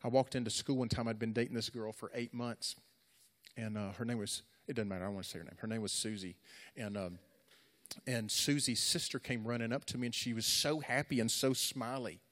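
A man's voice: mid-range voice, fairly even intonation, fairly quick, fairly bright tone. A middle-aged man preaching to young people in an earnest, repetitive, conversational way. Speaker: youth pastor. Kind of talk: sermon. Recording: echoey hall.

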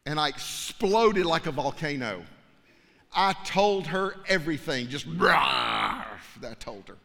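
A man preaching a sermon as a pastor, telling a personal story dramatically, dropping to hushed tones and rising to fervent preaching. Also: fairly high pitch, lively intonation, takes it slowly, creaky. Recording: long hall reverb.

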